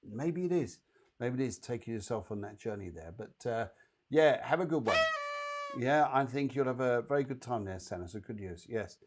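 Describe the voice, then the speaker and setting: Guy doing psychic readings on a stream, chatty and reassuring, mid-pitched voice, talks right to the viewers. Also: expressive, moderate pace. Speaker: psychic medium host.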